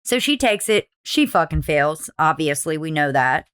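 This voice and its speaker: A blunt, casual woman hosts a true crime podcast. Her voice sits a little low, and she swears freely and acts out quotes as she tells the story. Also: lively intonation, normal speed, a bit bright, smooth. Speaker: podcast host.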